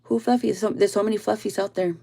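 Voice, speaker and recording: A woman giving a casual spiritual reading to her viewers, blunt and full of swearing, often trailing off soft and low. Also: fairly even intonation, fast, gravelly. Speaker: tarot reader.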